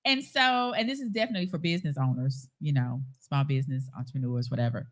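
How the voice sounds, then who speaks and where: A woman chatting casually on a live stream, telling a story in a playful, animated way. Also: low-pitched, fast talker. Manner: animated, playful, acts out quoted voices. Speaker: show guest. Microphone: live stream call.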